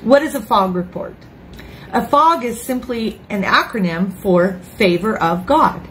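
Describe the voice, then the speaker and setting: A woman in her fifties, a grandmother, preaching an informal online sermon in a chatty, emotional way with lively asides. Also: mid-range voice, a little slow, slight background noise, rough recording. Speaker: ministry speaker. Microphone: phone or webcam, online broadcast.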